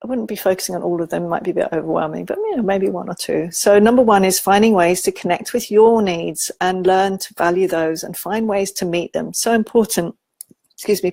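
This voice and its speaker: Woman, informal parenting talk, gentle teaching manner, low voice, gravelly fry. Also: no echo. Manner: gentle, warm-paced teaching with soft asides and acted-out quotes. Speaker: parenting educator.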